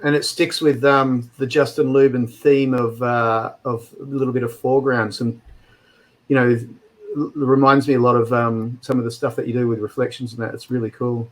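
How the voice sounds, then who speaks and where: Relaxed man hosting a photo chat. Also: mid-range voice, moderate pace. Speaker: host. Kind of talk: casual group video call chat.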